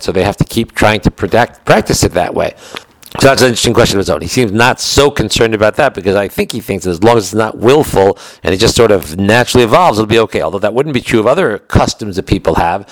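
Fast-talking American man teaching Torah. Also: on the low side, no room sound, low-quality recording. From United States. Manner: quick, conversational explaining with frequent restarts. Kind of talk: lecture on Jewish law.

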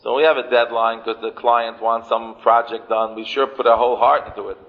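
A man's voice: medium pitch, fairly even intonation, a little fast. A man giving a sermon as a rabbi. He repeats phrases for emphasis and mixes in Yiddish and Hebrew terms. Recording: muffled, with long hall reverb.

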